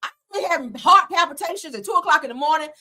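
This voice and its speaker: Animated, bright-voiced woman gossiping. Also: high voice, fast talker. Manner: blunt, profane, laughing often. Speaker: host. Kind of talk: casual gossip commentary.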